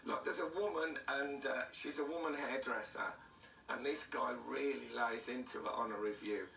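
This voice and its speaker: Throaty and hoarse, a man in his 60s appears as a comedian guest in a casual interview, spinning dry, self-deprecating stories. His medium-pitched voice is bright and forceful with vocal fry, at a moderate pace. The roomy studio captures him from a distance, with slight background noise.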